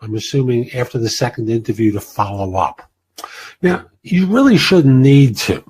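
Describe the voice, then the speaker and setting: A man's voice: mid-range voice, lively intonation, normal speed, darkish tone, slightly rough, poor audio. A man hosting a career advice show, answering listener questions in a blunt, plain-spoken way.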